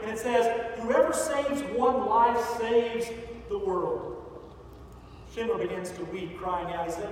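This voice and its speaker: A male pastor giving a sermon in a large church sanctuary, telling a story and building to loud, emphatic peaks. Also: extremely high pitch. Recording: echoey hall from far off, faint noise.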